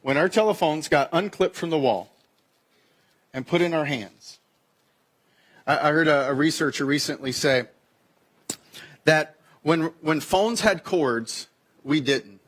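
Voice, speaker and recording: Male pastor, 30s, slightly high voice; chatty sermon delivery that leaps up in pitch when acting out quoted dialogue. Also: measured pace, long pauses. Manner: conversational, acts out quoted exchanges with sharp pitch jumps. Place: church sanctuary.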